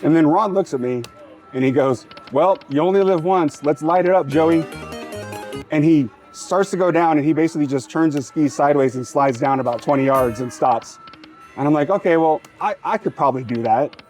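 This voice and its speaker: A man's voice: on the high side, a little fast, darkish tone, soft background music. A man hosting a slots channel, telling a long story casually while he plays. He rambles, cuts himself off and urges the machine on between sentences. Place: casino floor.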